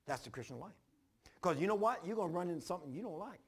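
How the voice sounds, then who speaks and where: An older man preaching a sermon, telling his own story in a folksy, repetitive way with sudden loud bursts. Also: sits high, animated, racing, slightly rough. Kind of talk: sermon with personal testimony.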